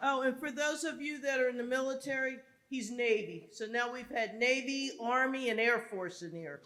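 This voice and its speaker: A woman's voice: on the high side, normal speed, noisy background. A woman emceeing a live event, introducing speakers and joking with the audience in an upbeat way.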